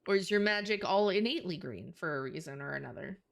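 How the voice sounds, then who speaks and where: A woman's voice: on the low side, lively intonation, fast, gravelly. A woman streamer chatting casually while she draws, playful and a little scattered.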